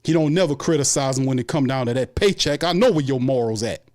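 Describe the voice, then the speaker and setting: A man's voice: medium pitch, quick pace, darkish tone. Angry ranting sports host, a man. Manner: angry, profane, repetitive ranting. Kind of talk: heated fan rant on a live stream.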